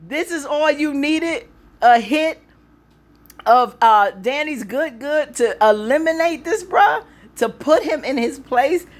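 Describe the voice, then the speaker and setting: A woman recapping a TV episode casually, laughing and acting out the characters' lines with animated delivery. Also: fairly low pitch, slight background noise. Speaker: recap vlogger.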